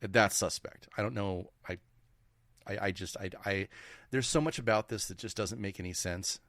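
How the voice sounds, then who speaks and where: A man co-hosting a podcast, talking casually in a halting, stammering, doubtful way. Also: on the low side, a bit bright, no echo, studio quality. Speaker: podcast co-host. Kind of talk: casual conspiracy talk.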